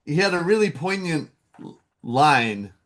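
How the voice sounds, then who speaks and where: A man who works as a voice actor, a guest in a casual interview, telling animated stories and laughing often. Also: a little high, a little slow.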